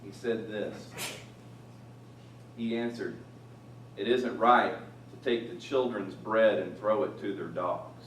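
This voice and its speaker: A man teaching through a Bible passage, animated, rising loud on quoted lines and dropping quiet for asides. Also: fairly low pitch, slow, pauses often, recorded from a distance, slight background noise. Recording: echoey room from off-mic, faint ambience.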